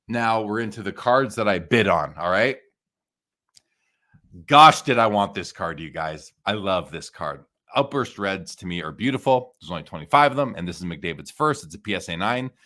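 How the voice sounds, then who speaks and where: A podcast host chats casually and enthusiastically while reviewing card listings, often restarting his sentences. His voice is fairly low and fairly bright.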